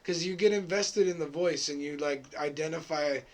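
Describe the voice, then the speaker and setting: Laid-back slangy man, slightly high voice. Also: moderate pace. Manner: laid-back, slangy, profane, trailing restarts. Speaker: podcast co-host. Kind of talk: casual chat.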